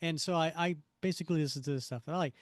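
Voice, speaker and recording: A man's voice: on the high side, racing, no echo, clean studio sound. A man in his fifties co-hosting a podcast, chatting casually and reading comic panels aloud, rambling and correcting himself. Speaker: podcast co-host.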